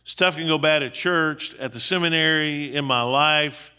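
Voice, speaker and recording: A man's voice: on the high side, a little slow, bright, forceful tone, clean tone. A middle-aged man, a seminary dean, giving a conversational sermon on marriage in a folksy, emphatic way full of rhetorical questions. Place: church.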